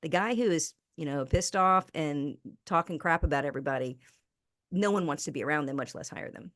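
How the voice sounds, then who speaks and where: A woman who is a speaker and author, talking in a podcast interview as an animated storyteller who acts out the people in her stories. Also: deep voice, a little fast, no room sound, studio quality.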